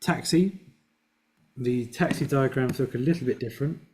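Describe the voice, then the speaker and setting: A man's voice: mid-range voice, normal speed, darkish tone, slight background noise. Patient man explaining a flying lesson. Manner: patient, explaining step by step with fillers. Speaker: flight instructor. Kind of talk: casual online flying lesson.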